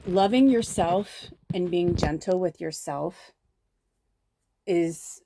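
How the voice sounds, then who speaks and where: A woman's voice: lowish voice, slow pace, warm tone. A woman from the south suburbs of Chicago, giving a chatty spiritual card reading that often drifts off and drops into whispers. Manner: chatty, easily distracted, breaks into whispers. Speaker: tarot reader and medium.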